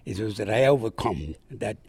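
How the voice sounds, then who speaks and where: An older man from Brooklyn, a veteran guest, telling a war story in a rambling, animated way and acting out the voices in it. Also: fairly low pitch, moderate pace, no room sound. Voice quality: gravelly, husky. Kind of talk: oral history storytelling.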